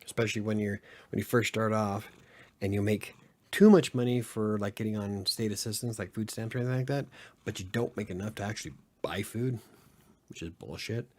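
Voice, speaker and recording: A middle-aged man from Utah hosts a casual late-night podcast, speaking fairly quickly in a lowish, slightly mellow voice. He's candid and rambling, with lots of swearing and filler words.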